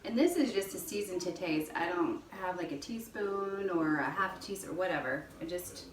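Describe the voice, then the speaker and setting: A woman hosting a casual home cooking demonstration. She talks viewers through each step in a relaxed, chatty way. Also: lowish voice, moderate pace. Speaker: cooking show host. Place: home kitchen. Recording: echoey kitchen, distant mic, background noise.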